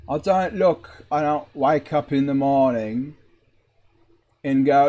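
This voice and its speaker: A man's voice: on the high side, lively intonation, moderate pace, a little mellow. A young man from Massachusetts, a game streamer, rambling and joking in casual chat full of fillers while he plays.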